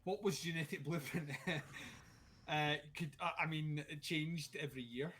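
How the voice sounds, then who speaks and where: A man's voice: a little high, moderate pace, noisy background. A Scottish man co-hosting a livestream, talking casually in a wry, rambling way with lots of fillers. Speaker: podcast co-host. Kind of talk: casual chat.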